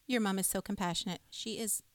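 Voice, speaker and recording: A woman's voice: medium pitch, steady tone, fast talker, background noise. A woman chatting casually on a live show, telling a family story with lots of laughter.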